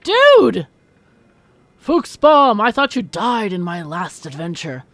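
A woman's voice: medium pitch, huge pitch swings, slow, fairly bright tone, dry recording, heavily acted. A woman voicing a brash male treasure hunter hero in a video game, with bold exclamations. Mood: indignant.

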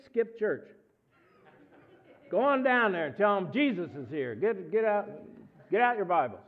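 A man preaching a guest sermon in a church, animated and full of jokes and asides as he tells stories. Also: very high voice. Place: church sanctuary. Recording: phone-like narrow sound.

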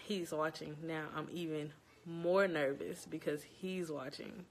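A woman's voice: deep voice, steady tone, a little slow, slight background noise. A young woman from Louisiana, chatting casually to viewers at home while nervous before an interview. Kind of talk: casual chat. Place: home, indoors.

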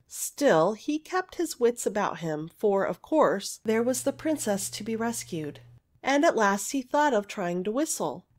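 A woman narrating a fairy story aloud in an expressive, gentle storytelling manner. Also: a little high.

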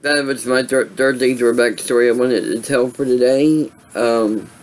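A man's voice: mid-range voice, fairly even intonation, normal speed, poor audio. A tired man casually telling a personal story on his vlog, rambling with many fillers and restarts. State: tired, yawning. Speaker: vlogger.

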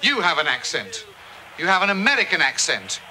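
An actor with a British accent playing a dry, sardonic gentleman ghost in a 1980s sitcom, full of theatrical put-downs. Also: high voice, animated, normal speed, heavily acted, low-quality recording. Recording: hissy old VHS TV broadcast.

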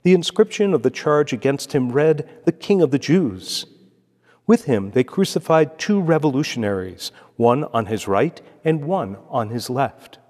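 Solemn priest in a reverberant church. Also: male voice, medium pitch, animated, a little mellow. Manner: measured, solemn liturgical delivery. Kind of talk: reading scripture aloud and preaching. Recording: long echoey church reverb.

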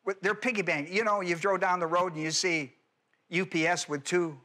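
Bright-voiced pastor teaching Greek grammar. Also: male voice, high voice, fairly even intonation, brisk. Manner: emphatic, rhetorical questions, explains Greek grammar. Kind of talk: expository Bible teaching sermon.

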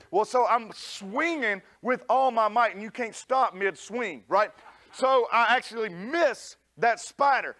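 Man, high-pitched voice, animated preacher, comic storytelling sermon. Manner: animated, folksy storyteller addressing the congregation. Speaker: pastor. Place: church sanctuary.

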